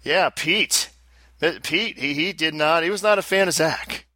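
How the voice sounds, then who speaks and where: A man's voice: on the high side, a little slow, bright, forceful tone, no room sound. A man co-hosting a casual pinball podcast, joking and laughing a lot as he goes through the mail. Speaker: podcast co-host. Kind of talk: casual chat.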